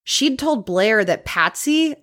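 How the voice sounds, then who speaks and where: A woman co-hosting a true crime podcast, telling the case in a lively, storytelling way and reading details aloud. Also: fairly high pitch, takes it slowly. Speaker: podcast co-host.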